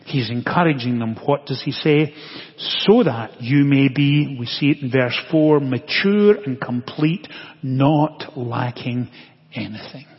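A man pastor preaching a sermon slowly and deliberately, with long pauses, often dropping to a hushed tone. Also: medium pitch, slightly rough. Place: church sanctuary. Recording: dull lo-fi audio with long church reverb.

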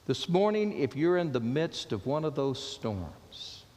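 A man's voice: big pitch swings, measured pace. Impassioned male preacher in a reverberant church. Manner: impassioned preaching, dropping low and soft for quoted words of Jesus. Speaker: pastor. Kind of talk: sermon.

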